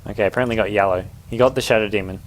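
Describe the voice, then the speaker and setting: A young man with an English accent giving live, joking play-by-play commentary on a video game, his pitch jumping up at big moments. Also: rapid-fire, slight background noise. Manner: excitable, jokey play-by-play with sudden rises in pitch.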